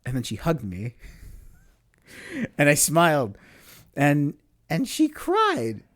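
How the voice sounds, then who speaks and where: A man hosting a podcast, telling a personal story in a casual, animated way and laughing between lines. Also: on the high side, takes it slowly. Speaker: podcast host.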